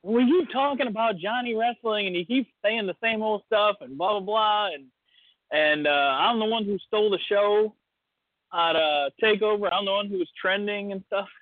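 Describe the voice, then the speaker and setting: A man's voice: sits high, moderate pace, no echo. A man co-hosting a podcast in casual chat, telling a rambling story and acting out the voices of the people in it. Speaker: podcast co-host. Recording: tinny phone-like line, dry.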